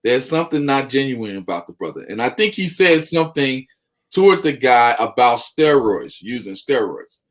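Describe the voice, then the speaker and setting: A man's voice: mid-range voice, very animated, moderate pace, a bit bright. A man hosting sports talk radio, making his points emphatically and often adding "okay?".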